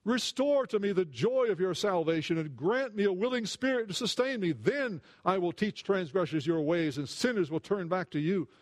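A man preaching a sermon in an earnest way, repeating words as he goes, rising when he retells a story and dropping low for asides. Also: lively intonation, moderate pace, hardly any pauses.

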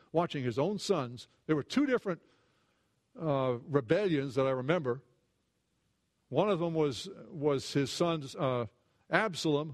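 A man preaches a sermon earnestly in a fairly high voice, repeating words and restarting as he thinks aloud. Stories send his pitch upward, while asides come out low and quiet.

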